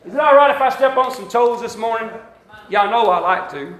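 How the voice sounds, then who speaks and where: High-voiced Southern preacher, bright and echoey. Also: male voice, a little fast. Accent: Southern US (Alabama). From Alabama, US South. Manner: call-and-response preaching, rising emphatic lines, folksy asides. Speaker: pastor. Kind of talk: sermon. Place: church sanctuary.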